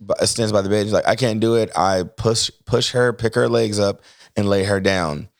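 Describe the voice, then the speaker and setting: Low-voiced man telling a story animatedly. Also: normal speed, no echo, studio quality. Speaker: co-host telling a family story. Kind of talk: casual storytelling chat. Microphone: microphone.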